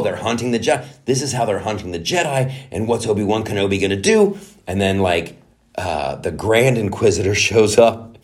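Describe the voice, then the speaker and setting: A man hosting a comedy podcast, ranting mockingly through a show recap and popping into quick put-on voices. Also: lowish voice. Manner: animated, mocking, does quick character voices. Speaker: podcast host.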